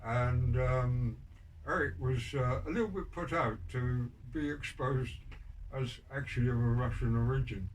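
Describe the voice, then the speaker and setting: A man's voice: medium pitch, unhurried. Rambling older man, distant mic. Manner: rambling, many ums and restarts, dry wry humor. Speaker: podcast guest telling prison stories. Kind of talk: casual storytelling interview. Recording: distant mic with background noise.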